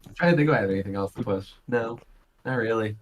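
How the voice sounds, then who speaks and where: A man's voice: on the low side, fast, a little hiss or hum. Offhand, joking man in podcast chat. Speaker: podcast co-host. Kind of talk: casual chat.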